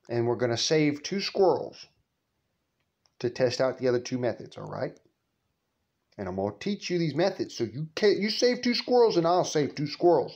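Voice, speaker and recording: A man voicing a patient rural father slowly teaching his son in an instructive drawl. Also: mid-range voice, darkish tone. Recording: muffled lo-fi recording.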